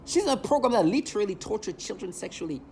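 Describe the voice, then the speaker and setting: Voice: mid-range voice, lively intonation, fast talker, mellow, a little hiss or hum. A vlogger ranting in an agitated, emotional monologue, hurling repeated insults.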